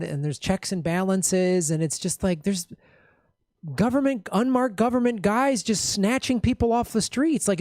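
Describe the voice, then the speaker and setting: A man's voice: sits high, darkish tone, no room sound, clean studio sound. A man in casual political talk, sarcastic and joking, slipping into mocking voices.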